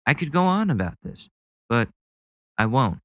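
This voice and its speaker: A man's voice: medium pitch, sing-song, moderate pace, no room sound. A man hosting a podcast, ranting about the news with sarcastic, mocking commentary. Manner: sarcastic, mocking, goes on rants. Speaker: podcast host. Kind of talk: casual comedic commentary.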